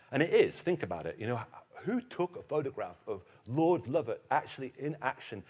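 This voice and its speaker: A man giving a lively public lecture on history, telling stories emphatically. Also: mid-range voice. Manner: animated storyteller, emphatic. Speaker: keynote speaker, historian.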